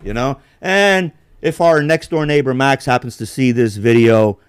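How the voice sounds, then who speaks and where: A man's voice: mid-range voice, normal speed, clean tone, no room sound, clean studio sound. A man hosting a casual podcast, rambling bluntly with heavy swearing. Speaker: podcast host.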